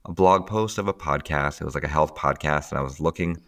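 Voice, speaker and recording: A man's voice: a bass voice, brisk. A man casually explaining emotional tapping in conversation, often laughing and acting out what people think to themselves. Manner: animated, laughs often, acts out inner voices. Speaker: tapping teacher, podcast guest.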